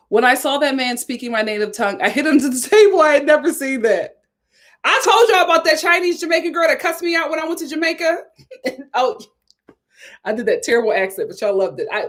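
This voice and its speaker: An American woman hosting a casual commentary show, reading viewer comments and telling stories in an animated, chatty way. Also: on the high side, a little fast. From United States. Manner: animated, storytelling. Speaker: host.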